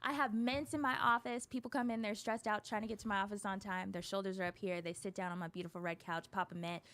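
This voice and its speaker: Chatty animated woman therapist. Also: medium pitch, fast. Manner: animated, chatty, laughs often. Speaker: therapist guest. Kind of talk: casual talk show conversation.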